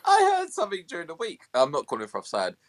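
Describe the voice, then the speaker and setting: A man's voice: a little high, wildly swooping pitch, quick pace, no echo. A man co-hosting a casual podcast, playful and teasing in banter. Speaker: podcast co-host.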